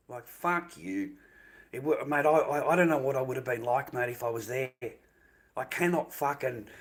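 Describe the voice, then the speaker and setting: Angry swearing Australian man ranting. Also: medium pitch. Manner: angry, profane, repetitive ranting. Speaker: livestreamer. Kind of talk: livestream rant.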